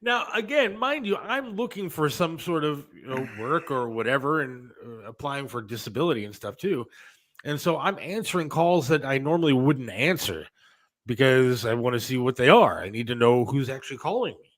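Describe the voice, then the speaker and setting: A man's voice: mid-range voice, expressive, normal speed, low-quality recording. A man in casual talk-show chat, telling rambling stories with lots of fillers and restarts. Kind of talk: casual radio-style chat.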